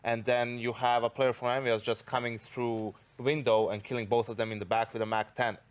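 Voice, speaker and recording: A man's voice: mid-range voice, little pitch movement, fairly quick, clear, resonant tone. Man explaining plays, "you know"-heavy. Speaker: esports caster. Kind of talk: analyst desk commentary.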